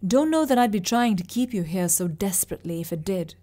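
This is a calm old man from an audiobook, patient and fatherly, talking low and unhurried, as a woman reads him. He stays steady under pressure, at a middle pitch for a woman's voice. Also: close to an everyday voice. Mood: somber. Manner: quiet, slow and steady.

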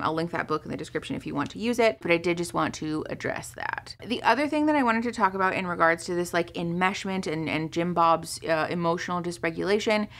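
A woman's voice: on the low side, vocal fry, fairly bright tone. A young woman therapist talking casually to camera, full of "um" and "like" fillers and the odd swear word. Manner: conversational, many fillers like "um" and "like", occasional swearing. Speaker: therapist and video host. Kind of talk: casual commentary, reading book passages aloud.

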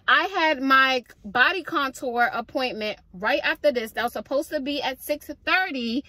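Young woman, vlogger, frustrated venting, slightly high voice, dry recording. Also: dry recording. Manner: frustrated, venting, animated storytelling. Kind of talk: casual vlog rant.

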